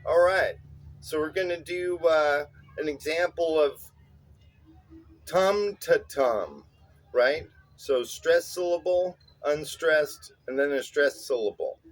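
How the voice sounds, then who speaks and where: A man's voice: a little high, measured pace, no room sound. A man teaching songwriting in a casual spoken lesson, explaining loosely with many "uh"s and "right?"s. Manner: loose explaining with many fillers and tag questions.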